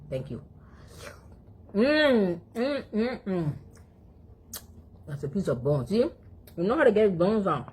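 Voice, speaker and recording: A woman's voice: lowish voice, animated, measured pace, pauses often, slightly rough. A woman from Africa, chatting casually to her phone and her dog between mouthfuls and humming as she chews. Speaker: vlogger. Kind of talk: casual eating vlog chat.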